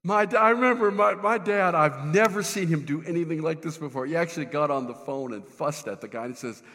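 Male preacher, bright and animated, humorous storytelling, reverberant church sound. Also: fairly high pitch, a little fast. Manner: animated, self-deprecating, stumbles and restarts. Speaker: pastor. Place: church sanctuary.

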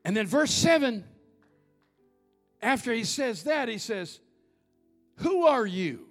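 Male pastor, middle-aged, high voice, wide swings from hush to shout, soft music under the sermon. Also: very animated, slow pace, long pauses. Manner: swings from hushed near-whisper to shouted preaching.

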